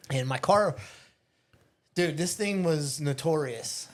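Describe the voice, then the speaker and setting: A man with a slightly high voice spins wild, profane stories in casual chat. He is animated and laughs through his tales, recorded on location in a home. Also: slow. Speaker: podcast guest. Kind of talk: casual storytelling. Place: childhood neighborhood home.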